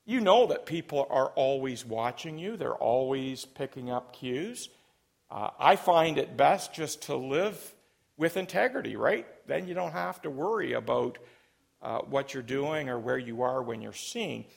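A man's voice: medium pitch, lively intonation, a little slow, vocal fry. A man preaching a sermon as pastor, emphatic and leading his congregation in call and response. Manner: emphatic, rising to loud peaks.

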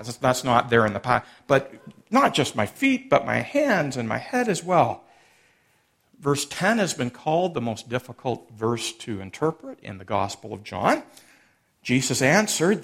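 A man's voice: mid-range voice, very animated, measured pace, gravelly. A man preaching a sermon, expounding a passage and acting out the quoted lines with shifting emphasis. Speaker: pastor.

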